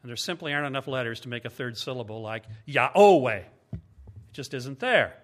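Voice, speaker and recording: A man's voice: medium pitch, expressive, fairly quick. A man giving a teaching sermon as a Bible teacher, speaking emphatically and explaining step by step with rhetorical questions.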